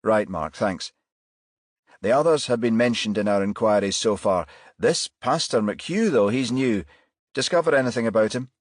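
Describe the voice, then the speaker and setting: A man voicing a male detective inspector, brisk and commanding as he hands out tasks. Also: fairly low pitch, dry recording, clean studio sound, close to an everyday voice.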